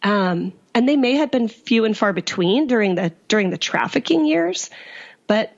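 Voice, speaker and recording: A woman's voice: a little high, creaky, dull audio. Earnest woman telling her story. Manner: earnest, quick to laugh, quotes others in lively bursts. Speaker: guest, author and survivor. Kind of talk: personal story in an interview.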